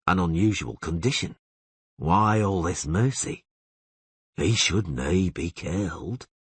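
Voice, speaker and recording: A man voicing a patient monster hunter who speaks in a calm, level, measured way. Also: sits low, husky, dry recording, full character voice.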